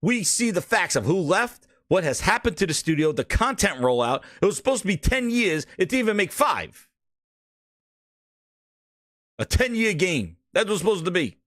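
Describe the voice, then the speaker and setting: A man's voice: high voice, big pitch swings, normal speed, a bit bright, no room sound, studio quality. A man hosting a gaming podcast, ranting profanely and mocking, stumbling and repeating words when riled up. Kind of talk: ranting casual commentary.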